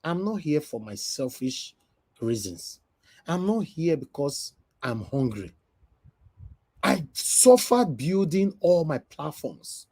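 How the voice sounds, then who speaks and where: A man from the UK with a Nigerian Pidgin accent, giving an animated, emotional commentary rant. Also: a little high, takes it slowly, breathy edge. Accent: Nigerian Pidgin English. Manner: animated, emotional, switching from loud to soft. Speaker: vlogger.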